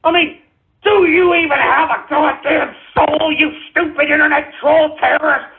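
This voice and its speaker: Agitated host, tinny phone-like audio. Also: male voice, very high-pitched, fairly even intonation, normal speed, gravelly, slight background noise. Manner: agitated, cursing, shouting at trolls. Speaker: internet radio show host. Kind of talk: live call-in style radio rant.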